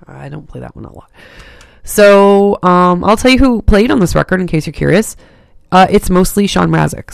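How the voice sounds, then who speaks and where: Campus radio DJ, raspy voice from a rough day, rambling and self-deprecating, dry studio mic. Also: mid-range voice, no room sound. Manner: rambling, self-mocking, quotes own thoughts aloud. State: hoarse, raspy voice today. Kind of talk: casual on-air chat.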